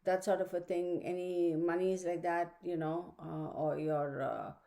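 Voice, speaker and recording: A woman's voice: on the low side, fairly even intonation, measured pace, vocal fry, mellow. A woman reading a casual weekly astrology forecast from home, chatty and rambling, with many fillers and side remarks. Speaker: astrology reader. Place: home room with her dog. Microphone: computer microphone.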